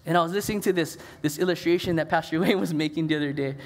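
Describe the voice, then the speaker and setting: A middle-aged man delivers a sermon in a chatty, storytelling way, full of casual asides. His voice sits fairly high for a man. A long reverb trails his words through a church sanctuary. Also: rapid-fire. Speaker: pastor.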